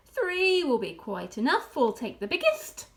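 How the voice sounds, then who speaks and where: Storybook fox father, high and lively, voiced by a woman, puffed up and pleased. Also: measured pace, exaggerated voice. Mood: gleeful. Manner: grand, relish-filled, commanding. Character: proud, showy adult male fox, head of family.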